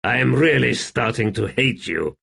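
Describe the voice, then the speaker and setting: A man's voice: mid-range voice, expressive, moderate pace, vocal fry, sharp tone, husky, full character voice. A man reading an audiobook, voicing a weary middle-aged smith with a dry, tired manner. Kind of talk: audiobook character voice.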